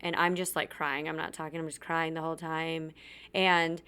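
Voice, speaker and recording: A woman's voice: sits low, fairly even intonation, moderate pace, sharp tone, clean tone. A woman hosting a podcast, telling a personal story candidly and bluntly, swearing freely and acting out what others said. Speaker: podcast host.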